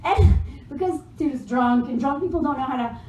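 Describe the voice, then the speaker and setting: A woman's voice: high voice, a little fast, warm tone, a little hiss or hum. A young woman telling a comedic personal story, laughing often and swearing freely, recorded in an echoey room from a distance. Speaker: storyteller guest. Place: live show room.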